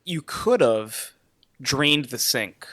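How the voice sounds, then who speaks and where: Male podcast co-host, wry teaser, medium pitch, dry sound. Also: expressive, drawn-out words, a bit bright, dry recording. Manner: teasing, dry jokes. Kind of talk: casual chat.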